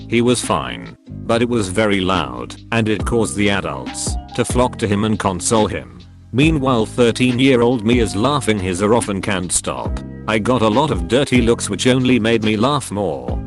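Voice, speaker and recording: Low-voiced man narrating stories. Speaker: story narrator. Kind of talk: scripted narration reading online stories. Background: background music.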